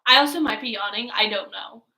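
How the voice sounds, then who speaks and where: A woman's voice: a little high, brisk, sharp tone. A woman in her twenties chatting casually while reacting to an album, rambling with lots of filler words. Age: 20s. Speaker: music reaction vlogger. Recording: echoey room.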